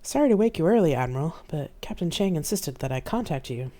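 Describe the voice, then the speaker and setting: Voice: mid-range voice, expressive, fast, dark tone, close to an everyday voice. An author reading their own novel aloud, voicing a courteous ship's artificial intelligence that speaks formally. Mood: polite. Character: polite artificial intelligence of a ship.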